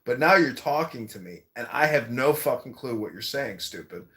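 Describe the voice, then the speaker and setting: A man with a bright, forceful voice and lively swings in pitch, chatting on a podcast in a crude, animated way and laughing often. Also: moderate pace. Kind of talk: casual podcast chat.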